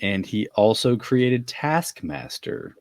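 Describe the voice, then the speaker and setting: A man's voice: mid-range voice, expressive, slow, a little mellow, no room sound, studio quality. A man co-hosting a casual comic book podcast chat, speaking in a blunt, sardonic way. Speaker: podcast co-host.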